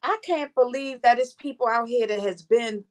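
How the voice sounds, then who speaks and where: A woman with a slightly higher voice speaks as a wellness coach guest on a casual talk show. She talks earnestly and sincerely. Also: moderate pace, a little hiss or hum. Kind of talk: casual chat.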